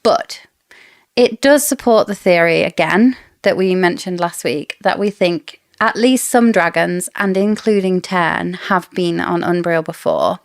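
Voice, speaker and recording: A woman co-hosts a casual book discussion podcast, chatting, theorizing, and laughing frequently. Her voice is lowish and unhurried with vocal fry, recorded at studio quality with no room sound.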